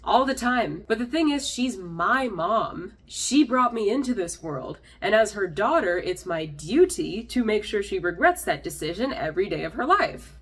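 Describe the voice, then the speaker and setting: A woman's voice: mid-range voice, very animated, moderate pace, hardly any pauses, a bit bright, slightly rough. A woman hosting a comedic commentary video with a wry, sarcastic delivery. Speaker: host.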